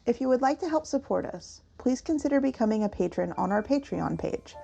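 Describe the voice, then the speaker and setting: A woman's voice: on the high side, expressive, brisk, gravelly, dark tone, husky, highs cut off. A woman co-hosting a podcast in casual chat, laughing often. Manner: giggly, laughs a lot. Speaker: podcast co-host.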